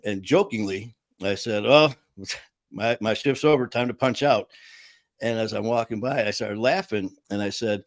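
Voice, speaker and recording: A man's voice: lowish voice, normal speed, no echo. A man hosting a casual talk, telling a story with lots of fillers, laughs and acted-out quotes. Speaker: show host.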